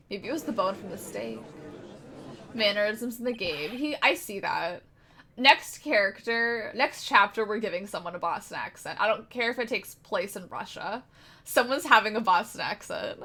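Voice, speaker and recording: A woman's voice: medium pitch, expressive, normal speed, sharp tone, soft background music. A woman streamer chatting casually and playfully with her viewers, giggling as she goes. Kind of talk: casual gaming stream chat.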